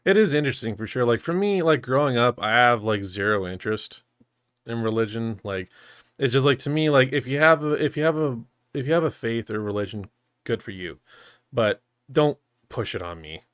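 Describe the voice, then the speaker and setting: A man's voice: medium pitch, lively intonation, normal speed, fairly bright tone, clean tone, no echo. Rambling man, dry close sound. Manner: rambling with many fillers, laughs often. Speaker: podcast co-host. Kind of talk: casual chat.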